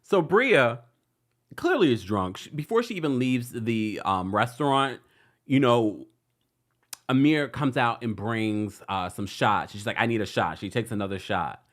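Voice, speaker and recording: On a casual recap livestream, a male host chats with an animated, mid-range voice at a measured pace. He laughs often and reads viewer comments aloud.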